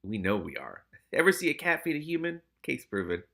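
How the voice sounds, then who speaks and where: A man reads a novel aloud and often breaks off to react and exclaim. His voice has a lively, swinging pitch, a gravelly texture and a bright, forward tone. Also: a little fast. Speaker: reader and commentator. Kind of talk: reading a novel aloud with commentary.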